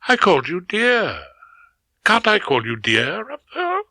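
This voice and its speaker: A man's voice: high voice, wildly swooping pitch, a little slow, pushed and bright, dry recording, pitched above the performer's own voice, exaggerated voice, rough recording. A man voicing a fussy middle-aged wife in a genteel, prim manner, in an audiobook. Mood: coy. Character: fussy middle-aged English wife, coy then bossy. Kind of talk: audiobook character voice.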